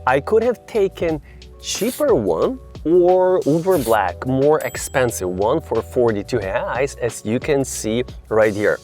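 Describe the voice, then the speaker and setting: A man's voice: medium pitch, very animated, takes it slowly, a little mellow, soft background music. A man with an Eastern European accent vlogging outdoors at a busy tourist spot, chatting playfully with strangers. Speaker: travel vlogger. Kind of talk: casual vlog chat with strangers. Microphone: handheld camera.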